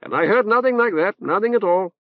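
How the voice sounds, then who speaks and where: A man's voice: sits high, expressive, fairly quick, pitched above the performer's own voice. A man voicing a pompous older male cleric with a reverberant nasal voice, fussy and full of hesitant ums. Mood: unctuous. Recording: dull dry tape transfer.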